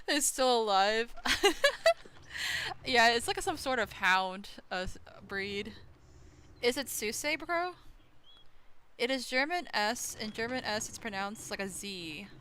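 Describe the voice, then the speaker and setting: A woman's voice: fairly high pitch, sharp tone, slight background noise. A woman streaming a game in casual chat, thinking aloud, asking her chat questions and gushing over cute things. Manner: gushing and easily delighted. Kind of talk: casual gameplay commentary.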